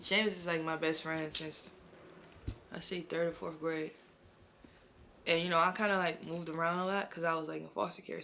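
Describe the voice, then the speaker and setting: Young woman rapper telling stories, slightly low. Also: bright, forceful tone. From East Oakland, California. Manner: loose and conversational, full of "like", acts out quotes. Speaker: rapper interviewed in a documentary. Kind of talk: casual personal storytelling.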